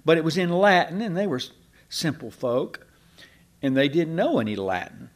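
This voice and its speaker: Telling stories from the pulpit, an older preacher speaks in a sing-song manner at normal speed, his slightly high voice swinging widely. He drifts into asides, restarts his sentences, and builds toward emphatic points.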